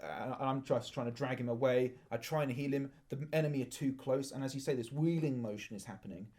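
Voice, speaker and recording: A man's voice: mid-range voice, fast, darkish tone. A man, co-hosting a podcast, eager and chiming in often. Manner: eager, chimes in with short agreements. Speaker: podcast co-host. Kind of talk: casual chat.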